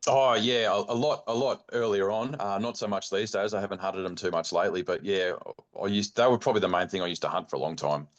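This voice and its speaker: A middle-aged man with an Australian accent, a podcast guest telling hunting stories in a laid-back, animated way, slipping into the voices of his mates. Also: sits low, fast, muffled recording. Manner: animated yarn-spinning, acts out quotes, laid-back slang. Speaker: podcast guest, bowhunting club chairman. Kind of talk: casual storytelling interview.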